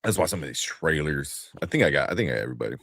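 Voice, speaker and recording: Animated man telling wild stories. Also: very fast, vocal fry, no echo. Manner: animated storytelling, acting out his kids with big pitch jumps. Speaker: podcast co-host. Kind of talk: casual chat.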